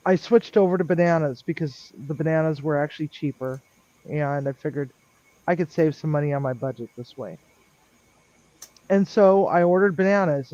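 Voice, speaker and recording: A man telling a long work story on a live stream in a rambling, chatty way, with lots of ums and lively quoted dialogue. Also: fairly high pitch, no room sound. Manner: chatty, lots of ums, animated when quoting others. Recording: dull lo-fi dry sound.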